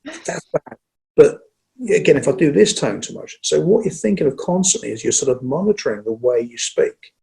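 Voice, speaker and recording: A man who trains people in presenting, talking in a lively conversational way and acting out what an audience says. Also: medium pitch, gravelly, poor audio. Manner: energetic, acts out audience lines, speeds up and slows down on purpose. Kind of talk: casual conversational interview.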